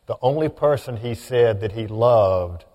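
A man's voice: medium pitch, expressive, measured pace, dark tone. A man hosting a live stage interview in a large auditorium, wry and prompting. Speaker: host, interviewer. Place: large auditorium before an audience. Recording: long reverb of a big hall.

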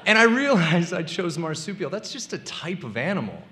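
A man's voice: sits high, very animated, moderate pace, bright, forceful tone. A young man telling a comic personal story to a live audience, acting out the people he quotes.

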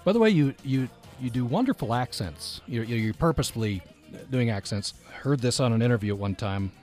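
A man's voice: mid-range voice, animated, brisk, darkish tone, faint music behind. A man hosting a radio interview, easygoing, chuckling and stammering a little. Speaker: radio host.

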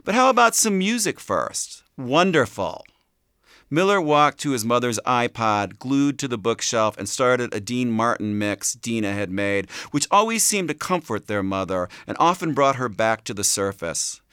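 A male audiobook narrator with a smooth, resonant voice and animated pitch. He reads steadily, recorded dry and close in a studio. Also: normal speed, hardly any pauses, no echo. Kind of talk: scripted narration.

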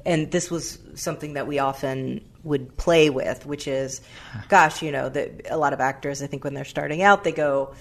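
Low-voiced woman, reflective and halting. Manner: reflective, halting, searching for words. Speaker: guest, writer and actor. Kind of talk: radio interview conversation.

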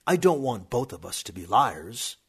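A man's voice: medium pitch, big pitch swings, normal speed, husky, full character voice. A man voicing a proud, serious teenage boy who talks in an emphatic, lecturing way. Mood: boastful.

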